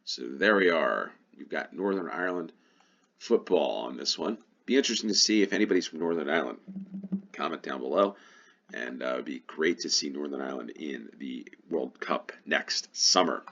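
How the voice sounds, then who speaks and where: American man, very deep voice, casual game commentary, muses aloud. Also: animated, moderate pace, gravelly, fairly bright tone, dull audio. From United States. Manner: musing aloud, thinking to himself. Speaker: gaming YouTuber. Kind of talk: casual play-along commentary.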